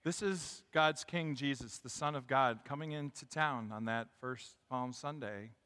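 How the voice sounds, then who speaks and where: A man's voice: mid-range voice, unhurried. Man preaching in a big reverberant church. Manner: rises to loud emphatic preaching; leads congregation call and response. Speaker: pastor. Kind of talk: sermon. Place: church sanctuary.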